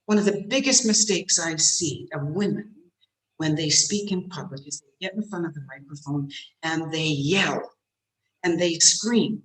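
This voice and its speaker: A woman giving a motivational speech on voice to a women's club, shifting between soft, drawn-out phrases and forceful ones. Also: low voice, rough recording. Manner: demonstrates tense and relaxed voices. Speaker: guest speaker. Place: meeting room.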